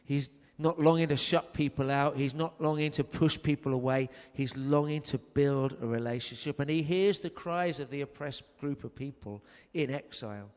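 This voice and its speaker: A man's voice: mid-range voice, moderate pace, few pauses, a little mellow. A man preaching a sermon, telling a story earnestly and raising his voice for emphasis. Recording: long hall reverb.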